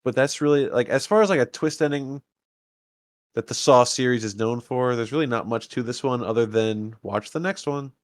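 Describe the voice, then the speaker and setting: A man's voice: medium pitch, moderate pace, dry recording, clean studio sound. A man co-hosting a casual podcast, recapping a horror film with wry, opinionated comments. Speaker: podcast co-host. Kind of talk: casual movie-review chat.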